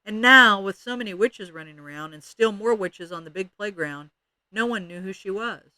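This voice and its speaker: A man's voice: high voice, moderate pace, pushed and bright, no echo. A man expressively reading a children's chapter book aloud. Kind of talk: read-aloud storytelling.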